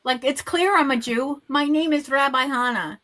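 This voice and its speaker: A woman rabbi co-hosting a casual chat, sardonic, with quick comebacks and Yiddish slang. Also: high voice, sharp tone. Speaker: rabbi and co-host.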